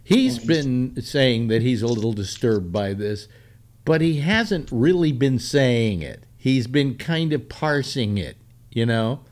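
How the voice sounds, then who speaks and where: A man hosting a casual political talk show, rambling with many halting restarts. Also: mid-range voice, very animated, a little mellow.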